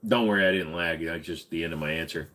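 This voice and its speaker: A man's voice: low voice, fast talker, a bit bright. A man hosting a casual live question-and-answer stream, rambling and swearing freely with lots of fillers. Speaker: livestream host.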